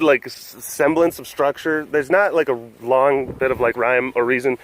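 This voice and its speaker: A man rambles casually through his animal webcast and laughs often at himself. His voice sits at an ordinary middle pitch, and he drifts into cooing baby talk with the animals. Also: measured pace, fairly bright tone. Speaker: vlog host at a wild animal facility.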